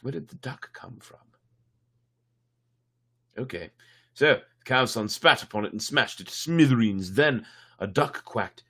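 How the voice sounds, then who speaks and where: Husky man reading a tale with wry asides. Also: fairly low pitch, a bit bright. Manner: wry, irreverent asides between passages. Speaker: storyteller. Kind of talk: reading a fairy tale aloud on a livestream with joking asides.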